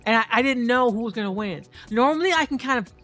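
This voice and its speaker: Woman commentating her own matches, bright voice, excitable and profane, faint music underneath. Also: fairly high pitch, fast talker. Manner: excitable, profane, talks to viewers. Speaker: competitive fighting game player. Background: faint background music.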